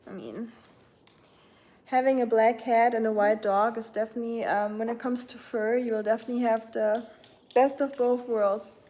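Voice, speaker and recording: Woman in her thirties, livestream host, casual rambling chat, mellow higher voice. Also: fairly even intonation, normal speed. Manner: chatty, rambling, with frequent fillers. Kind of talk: casual chat reading viewer comments.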